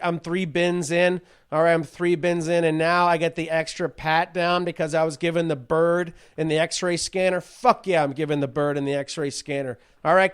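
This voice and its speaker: A man's voice: high voice, clear, resonant tone. A man hosting a podcast, telling a rambling, profane comedic rant full of swearing and restarts. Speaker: podcast host.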